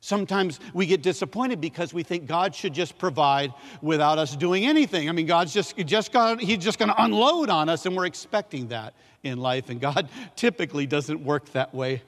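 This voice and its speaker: A man with a somewhat high voice preaches to a congregation, repeating key phrases and asking them to say lines back. He pushes up for emphasis and then falls to near-hushed tones. His voice rings out with the long reverb of a big sanctuary. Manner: call-and-response, repeats key phrases, swings from loud to hushed. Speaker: pastor. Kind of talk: sermon.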